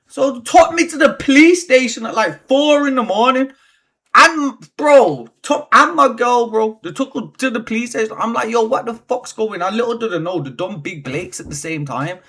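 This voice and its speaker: A man telling a story in a casual vlog, animated and slangy, swearing freely. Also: very high voice, normal speed. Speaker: vlogger.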